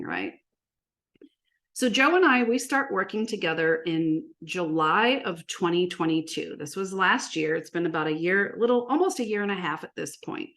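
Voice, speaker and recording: Woman, marketing coach, live presentation, energetic, animated storytelling, rhetorical questions. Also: lowish voice. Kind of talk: presentation to an audience.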